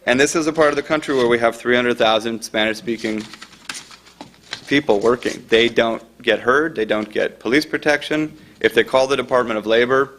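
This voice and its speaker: A middle-aged man giving an informal talk about his book, his voice pitched in a medium range. He speaks conversationally and drifts off on asides. Now and then he acts out the people in his stories. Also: moderate pace, fairly bright tone, slight background noise.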